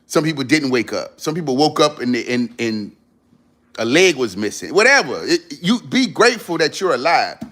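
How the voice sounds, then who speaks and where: Guy on a livestream preaching gratitude, pitch jumps all over, repeats himself to hammer it home. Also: big pitch swings, normal speed, fairly bright tone. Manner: earnest, emphatic, repeats phrases for stress; talks straight to viewers, casual slang. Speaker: livestream host. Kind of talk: motivational livestream talk.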